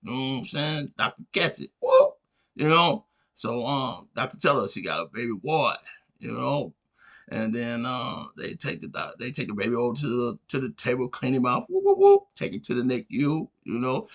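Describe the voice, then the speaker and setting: Gravelly rambling male storyteller. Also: mid-range voice, moderate pace, a bit bright. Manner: rambling, constantly asks "you know what I'm saying". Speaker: podcast host. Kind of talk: casual storytelling.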